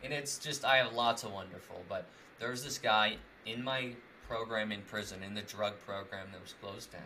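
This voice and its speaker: Bright-voiced young man, rambling casual chat. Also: lowish voice, normal speed, a little hiss or hum. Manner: rambling, many "like" fillers, laughs often.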